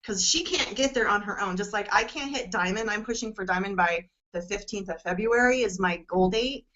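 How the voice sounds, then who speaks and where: A woman's voice: mid-range voice, a little fast, fairly bright tone. Woman, forties, casual rambling coach sharing her story, lo-fi audio. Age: 40s. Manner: rambling, many fillers, tearful at times. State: emotional, near tears. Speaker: network marketing coach. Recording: dull lo-fi sound.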